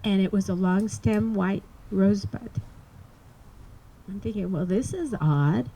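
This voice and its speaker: A middle-aged woman telling a personal story to an audience, earnest and halting, with many restarts. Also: medium pitch, mellow, husky, rough recording. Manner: earnest, halting, emotional recounting. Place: live performance space.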